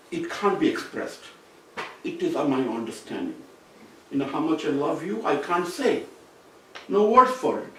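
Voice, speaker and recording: A man with a fairly high voice lectures at a seminar, explaining patiently and circling back to rephrase his points. He sounds far from the mic, in a heavily echoing room. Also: slight background noise. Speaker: seminar speaker. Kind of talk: academic lecture. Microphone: distant room mic.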